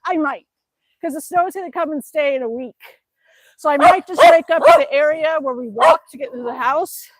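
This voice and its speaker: An older woman with a high, chirpy voice chats on a live stream from home, reading comments and laughing between sentences. She pedals an exercise bike as she talks and coos at her dog in baby talk. The sound is close and dry, with almost no room echo. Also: moderate pace. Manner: working out on an exercise bike while talking. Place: at home, indoors.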